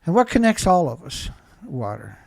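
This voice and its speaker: A man's voice: a little high, big pitch swings, moderate pace, creaky, no echo. A man hosting a live show, giving an angry, ranting commentary full of insults and repeated rhetorical questions, a little congested. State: congested, blowing nose.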